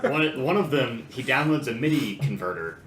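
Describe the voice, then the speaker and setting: A man's voice: mid-range voice, lively intonation, brisk, fairly bright tone. Young man, podcast co-host, rambling storyteller, swears, echoey room, faint noise. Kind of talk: casual chat.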